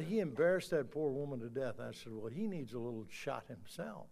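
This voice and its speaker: A man in his sixties preaching in a church, telling a story and then rising to loud, emphatic calls before leading a quiet prayer. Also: medium pitch, expressive, brisk, vocal fry, hardly any pauses. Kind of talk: sermon with altar call. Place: church sanctuary.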